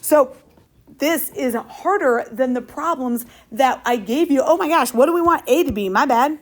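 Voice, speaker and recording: A woman teaching a math class, upbeat and quick, calling out questions to her students. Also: high-pitched. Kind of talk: classroom lesson.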